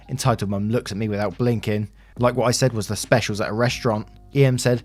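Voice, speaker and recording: A man reading a first-person story aloud in a steady, earnest narrating manner. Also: fairly low pitch, fast talker, few pauses. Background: faint music.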